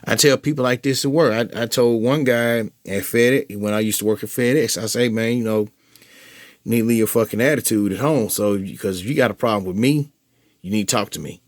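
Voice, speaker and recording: A man with a fairly low voice tells his followers about a personal run-in, swearing freely and stumbling over restarts as he goes. The sound is dry and close, with no room around it. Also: a little fast, dry recording. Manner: profane, animated retelling with heated quoted outbursts; frequent restarts and filler phrases. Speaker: vlogger updating followers. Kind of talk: casual storytelling to camera.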